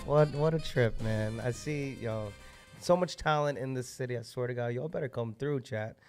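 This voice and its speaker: A man hosting an open mic night in an indoor venue, hyping the crowd with loud, slangy call-outs into a stage mic. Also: medium pitch, normal speed, faint music behind. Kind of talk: hyping up the crowd between acts. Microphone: stage microphone.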